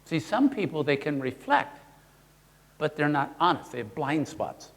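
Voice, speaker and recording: A man presenting a live workshop, playful and animated, quizzing the audience as he teaches. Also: fairly high pitch, a little slow, big-room sound. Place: seminar room with an audience.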